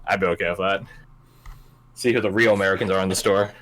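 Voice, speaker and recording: A man's voice: sits low, fairly even intonation, fast, fairly bright tone. Joking young man running the game. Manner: joking, swears offhandedly. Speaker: game master. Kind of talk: casual chat before a tabletop game.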